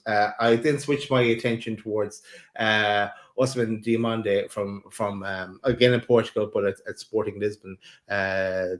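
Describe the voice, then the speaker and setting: A man co-hosting a casual football podcast, friendly and hesitant with frequent uhs. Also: on the low side. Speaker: podcast co-host.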